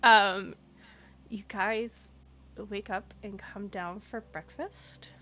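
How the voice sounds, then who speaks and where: A woman narrating as game master, setting scenes slowly and patiently for her players. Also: medium pitch, fairly even intonation, pushed and bright, a little hiss or hum.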